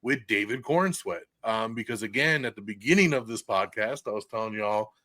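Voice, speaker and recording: A man hosting a podcast, reviewing a movie in casual, excited chat. He swears freely and laughs often. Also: on the low side, brisk, no echo. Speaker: podcast host. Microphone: podcast mic, recorded live for video stream.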